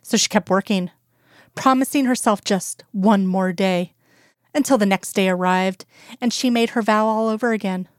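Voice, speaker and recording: A woman narrating a fan fiction story aloud at an even, measured pace, recorded close to the mic. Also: medium pitch, no echo.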